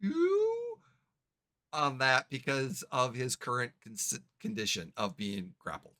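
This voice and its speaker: A man running a tabletop game as game master, giving rulings in a halting, self-correcting way. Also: mid-range voice, huge pitch swings, pushed and bright.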